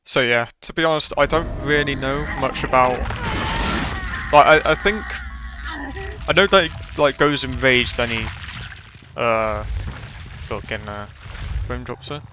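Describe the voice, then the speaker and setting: A man's voice: mid-range voice, measured pace, long pauses, music in the background. A man giving casual, rambling gameplay commentary with self-deprecating remarks. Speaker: gaming channel host.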